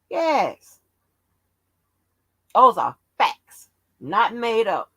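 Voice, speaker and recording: A brash woman livestream host with a bright, lively voice that swoops up and down as she needles her chat. She talks slowly and profanely, and the sound is dry and close. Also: mid-range voice, no room sound, rough recording. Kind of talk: casual live-stream chat.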